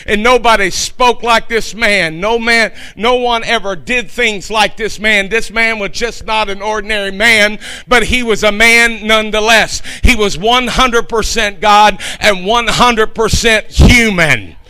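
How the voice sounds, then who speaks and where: A man preaching a sermon with fervor, building up to shouted passages and repeating phrases for emphasis. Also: high-pitched, a little slow, few pauses, smooth, poor audio. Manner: fervent preaching, rising to shouts. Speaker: pastor.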